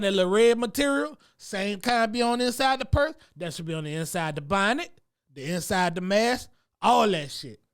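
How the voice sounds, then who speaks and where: A man, a comedy show host, delivering a profane, animated comic rant about what he has seen around town. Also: high voice, smooth.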